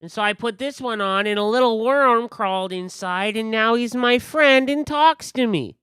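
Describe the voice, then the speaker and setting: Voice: medium pitch, moderate pace, fairly bright tone, clean tone, dry recording, pitched above the performer's own voice, lightly acted. A game master voicing a cheeky, pushy male candy vendor with a pumpkin for a head, talking in a brash, streetwise way. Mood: chatty.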